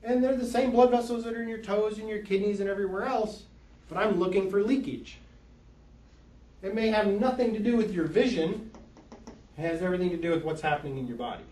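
A man explains eye care patiently to a small group, reaching for plain everyday comparisons. His voice sits a little high for a man and comes from some way off the mic. The room is echoey, with faint background noise. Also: brisk, darkish tone, recorded from a distance. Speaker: eye doctor. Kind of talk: explaining to an audience.

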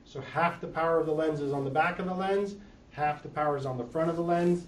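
A man's voice: a little high, quick pace, a little hiss or hum. A man who works as an eye doctor, patiently explaining lenses and eye health with everyday comparisons. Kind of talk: explaining to an audience. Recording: echoey room, mic from far off.

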